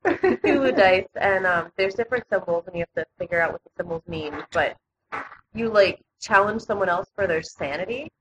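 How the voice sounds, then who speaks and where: Female co-host, mid-pitched, chatty, filler-heavy, faint noise. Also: lively intonation, normal speed, low-quality recording. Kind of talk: casual chat.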